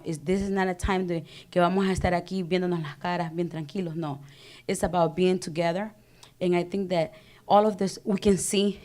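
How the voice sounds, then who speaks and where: A woman in her thirties with a Salvadoran Spanish accent, a government office director giving a passionate panel speech and switching between Spanish and English. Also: fairly low pitch. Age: 30s.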